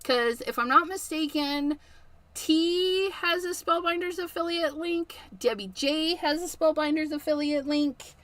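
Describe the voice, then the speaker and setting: Bright, high-voiced chatty craft streamer woman. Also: a little slow, no room sound. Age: middle-aged. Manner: chatty, laughs often. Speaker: craft livestream host. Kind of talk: casual livestream chat.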